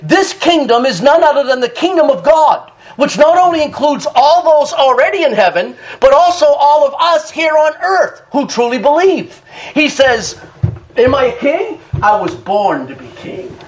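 A middle-aged man preaching a sermon, animated and dramatic, reading scripture and telling stories. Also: extremely high pitch, moderate pace, low-quality recording. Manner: animated, dramatic, reads scripture in King James wording.

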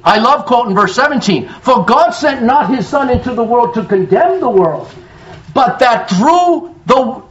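A man preaching a sermon as pastor, quoting scripture with strong emphasis and calling out to his congregation for responses. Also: high voice. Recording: dull lo-fi sound.

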